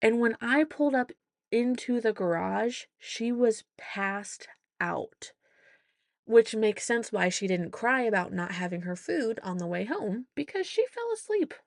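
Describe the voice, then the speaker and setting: A woman's voice: on the high side, lively intonation, unhurried, gravelly, no room sound, clean studio sound. A woman hosting a casual storytelling podcast, chatty as she recounts her week and acts out the voices in her anecdotes. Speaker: podcast host; mother.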